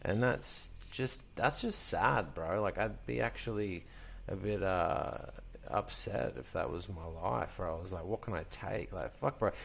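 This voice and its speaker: Gravelly man, low voice. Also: measured pace. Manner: profane, animated storyteller, says bro a lot. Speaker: podcast host. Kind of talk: casual chat.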